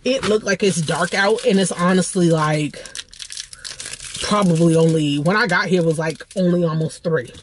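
A woman's voice: fairly low pitch, normal speed, a little hiss or hum. A woman vlogging casually from her car into a phone, chatty and rambling, calling her viewers y'all. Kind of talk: casual vlog chat.

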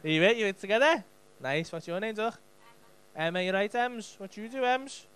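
A man's voice: high voice, animated, normal speed, fairly bright tone, slight background noise. A man in his thirties with a Liverpool accent, doing cheeky, sweary crowd work as a stand-up comedian on a club stage. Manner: cheeky, sweary banter with the audience.

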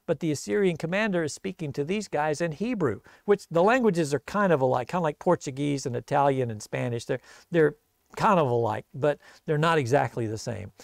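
A man's voice: a little high, expressive, moderate pace, creaky, no echo. A man preaching a sermon, retelling a bible story in a casual, conversational way. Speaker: pastor.

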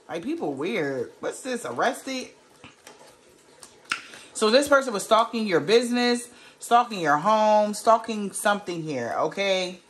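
A woman's voice: medium pitch, fairly bright tone. A woman giving a casual tarot reading to a viewer, blunt and emphatic, swearing freely and firing off rhetorical questions. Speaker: tarot reader.

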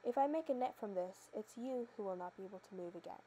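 A woman's voice: mid-range voice, expressive, fast talker, warm tone, a little hiss or hum, natural voice, low-quality recording. Woman reading as a proud clever young hero. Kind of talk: storybook narration.

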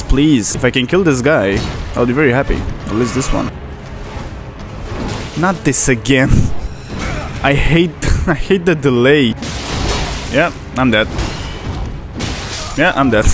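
Sarcastic man narrating his gameplay. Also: mid-range voice. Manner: sarcastic, talks to enemies, laughs often. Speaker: gaming channel host. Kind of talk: live gameplay commentary.

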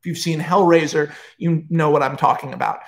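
A screenwriter telling a film pitch in a casual, rambling, profane storytelling style, full of energy and asides. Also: male voice, fairly even intonation, brisk, vocal fry.

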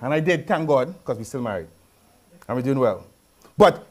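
A man preaching a sermon in a lively, conversational way, with rhetorical questions, repetition and humorous asides in local speech. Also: medium pitch, normal speed, pauses often, husky.

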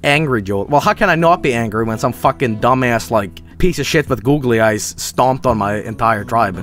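A young man streaming a game, swearing and sarcastic, swinging between yelling and low mumbles. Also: normal speed, soft background music.

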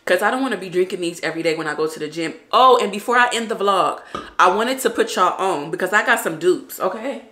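Bright-voiced young woman vlogging to camera. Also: medium pitch, animated, quick pace. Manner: tearful at first, then upbeat and chatty with viewers. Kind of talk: emotional casual vlog talk to camera. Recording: echoey room.

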